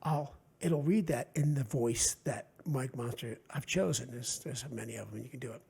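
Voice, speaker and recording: A man with a Delaware Valley accent talks as an author guest on a casual podcast. His voice is gravelly and very husky, and he rambles in an animated way. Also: mid-range voice, moderate pace. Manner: rambling, animated, acts out quotes.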